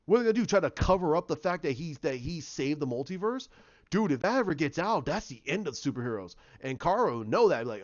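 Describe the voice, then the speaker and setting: A man reviewing a TV episode in a casual vlog, excitable and ranting, repeating himself as he makes his points. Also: high voice, fairly quick. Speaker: TV show reviewer. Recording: dull lo-fi sound.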